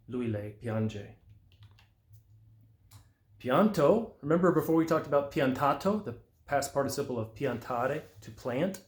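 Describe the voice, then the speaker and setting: Man, language teacher, patient explanations, slow careful examples, roomy echo. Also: medium pitch. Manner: patient, slows down to sound out example phrases.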